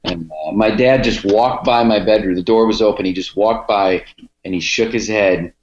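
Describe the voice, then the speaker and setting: A man's voice: fairly low pitch, moderate pace, darkish tone. A man from Cleveland, a podcaster and comedian, telling rambling stories with lots of restarts in a casual interview. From Cleveland, United States. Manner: rambling, restarting, laid-back storytelling. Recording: dull, echoey room sound.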